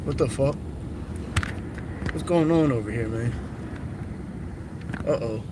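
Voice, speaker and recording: A man's voice: medium pitch, slow. A young man live streaming while driving city streets, talking bluntly and cursing often. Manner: profane, blunt, opinionated rambling. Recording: noisy car interior with traffic. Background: car and street noise.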